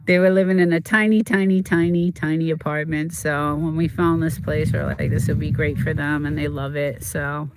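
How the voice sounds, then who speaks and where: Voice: medium pitch, fairly even intonation, normal speed. A streamer talking in a rambling, emotional way, full of fillers and restarts, in casual chat from a desert home.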